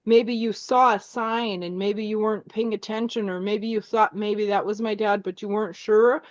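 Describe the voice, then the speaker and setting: A woman working as a psychic medium, speaking gently and hesitantly with many restarts during a spiritual reading. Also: mid-range voice, fairly even intonation, moderate pace, no echo. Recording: dull lo-fi sound.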